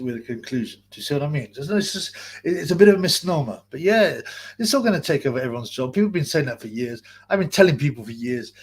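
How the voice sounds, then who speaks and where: A man with a medium-pitched voice and a breathy edge hosts a boxing channel, rambling and swearing through a casual live-stream rant and restarting his sentences often.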